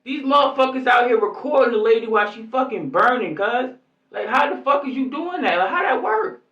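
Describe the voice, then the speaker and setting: Man, fired-up profane slang rant, high voice, echoey distant lo-fi sound. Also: animated, a little fast, fairly bright tone. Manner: profane, heated street slang, rambling. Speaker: YouTube commentator. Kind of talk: angry vlog commentary. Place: lives in New York.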